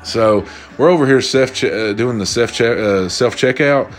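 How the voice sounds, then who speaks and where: Over soft background music, a young adult man spins casual stories into a profane, exasperated rant, retelling them with animation. He speaks at a normal speed in a medium pitch.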